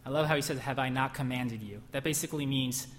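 This sermon comes from a man with a medium-pitched, somewhat bright voice who speaks fast, recorded with slight hiss or hum and a long church-hall reverb. Emphatically, he questions the congregation and performs whispered lies.

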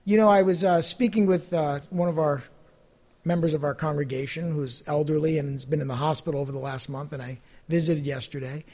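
Guy pastor with a fairly high voice, chatty sermon, leans hard on the big lines. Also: fairly even intonation, fairly quick, a little mellow. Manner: conversational preaching with fillers, rising emphasis on key phrases.

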